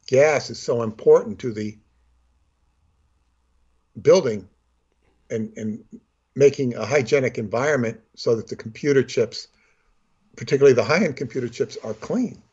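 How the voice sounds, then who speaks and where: A man's voice: mid-range voice, darkish tone, slightly rough, muffled recording. A man telling stories and talking astrology in casual chat, rambling with many restarts and breaking into character voices. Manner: rambling, full of fillers and restarts, acts out voices.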